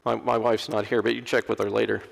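A middle-aged man, an Episcopal preacher, giving a lively sermon and acting out the people he quotes. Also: on the low side, fast, creaky. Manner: animated, acts out quoted voices. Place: large church. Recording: long church reverb.

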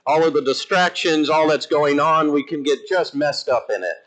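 A male Episcopal priest preaching in church with a lively, emphatic delivery, his voice sitting a little higher than most men's. He swings between quiet asides and animated bursts. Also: normal speed, poor audio. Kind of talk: sermon.

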